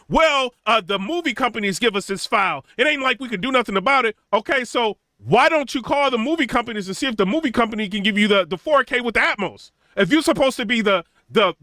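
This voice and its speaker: A young man hosting a home theater channel tells an animated story in casual talk, full of "you know" and "right?" and acting out other people's lines. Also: no room sound. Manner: conversational, many fillers like "you know" and "right?"; acts out quotes of others in a raised, mocking pitch. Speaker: tech channel host.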